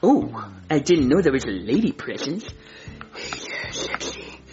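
A man's voice: medium pitch, sing-song, normal speed, over loud music, close to an everyday voice. A man playing a childish, self-important 32-year-old who still lives in his mother's basement, in a comedy sketch. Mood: smug. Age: 30s. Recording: lo-fi recording.

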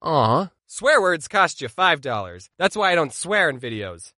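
Animated, sarcastic young man. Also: on the high side, normal speed, dry recording, clean studio sound. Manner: animated, sarcastic, deadpan asides. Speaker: vlogger. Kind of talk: comedic storytime monologue.

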